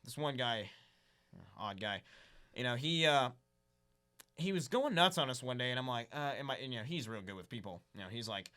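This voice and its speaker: Young dude rambling through fishing stories, bright sharp voice. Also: male voice, medium pitch, expressive, fairly quick, clean tone. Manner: rambling, says "dude" a lot. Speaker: podcast guest, angler. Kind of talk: casual storytelling chat.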